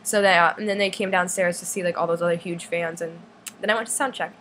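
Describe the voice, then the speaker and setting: A woman's voice: on the low side, fairly even intonation, fast talker, a bit bright, slight background noise. A young woman casually telling a long story, with "like" in nearly every phrase and squealing when she acts out others. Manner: chatty, full of "like", acts out others' lines in a squealy voice. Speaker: fan recounting a concert trip.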